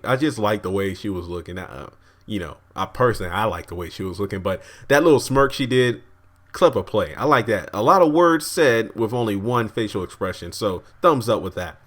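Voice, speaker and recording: A man with a slightly low voice reviews a TV episode in a loose, chatty way. He rambles, restarts his sentences and keeps breaking into chuckles as he talks. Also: a bit bright. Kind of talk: casual video review.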